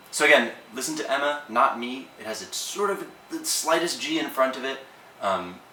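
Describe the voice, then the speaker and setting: A man teaching language tones in a casual, relaxed lesson, with plenty of ums and uhs. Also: medium pitch, roomy sound, recorded from a distance, a little hiss or hum, low-quality recording.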